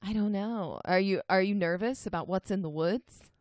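A woman co-hosting a podcast in relaxed, chatty conversation, laughing easily. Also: medium pitch, moderate pace, dry recording. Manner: chatty, giggly. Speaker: podcast co-host. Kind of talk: casual chat.

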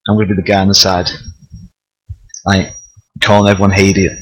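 A man's voice: low-pitched, little pitch movement, a little fast, no room sound, low-quality recording. A man who works in a factory, joking bluntly in a casual group chat. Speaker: factory worker.

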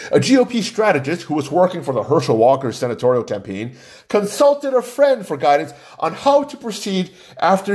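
A man's voice: fairly high pitch, darkish tone. A man giving opinionated news commentary in a mocking tone, laughing often as he talks.

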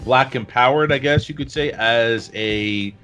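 A man's voice: mid-range voice, bright, forceful tone, faint music behind. A middle-aged man co-hosting a podcast, talking reflectively in casual chat with frequent restarts. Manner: reflective, halting with restarts and fillers. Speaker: podcast co-host.

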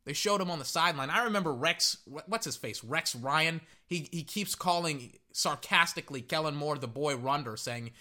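Brief: man, fan commentator, high lively voice, sharp bright tone, rambling live game reactions. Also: moderate pace, few pauses. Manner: excitable, rambling, repeats words.

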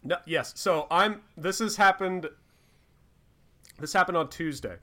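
Bright high-voiced podcast guy. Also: measured pace. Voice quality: rambling, many fillers and restarts, laughs often. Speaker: podcast co-host. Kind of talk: casual chat.

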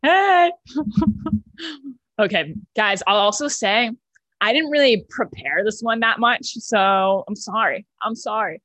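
A woman's voice: medium pitch, slow pace, no room sound, poor audio. A nineteen-year-old woman hosting a comedy club video call and doing a self-mocking stand-up bit over her laptop mic. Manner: chatty, self-mocking, exaggerated deadpan bragging. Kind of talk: casual chat and stand-up set.

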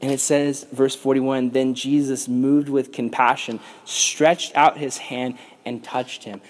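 A man giving a casual, animated sermon to young people, then leading a prayer. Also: medium pitch, a little hiss or hum.

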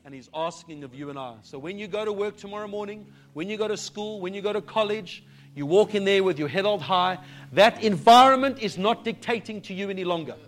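A man preaching a sermon to his congregation, moving from quiet urging into fervent declarations that rise to shouts. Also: high-pitched, fairly quick, a little hiss or hum. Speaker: pastor. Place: church service.

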